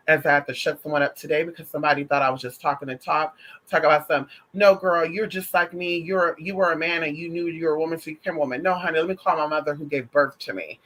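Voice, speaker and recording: A trans woman vlogger gives her viewers a casual, sassy opinion monologue, emphatic and loaded with profanity and pet names like honey and girl. Her voice is deep, a bit bright, with a breathy edge, in a rough recording.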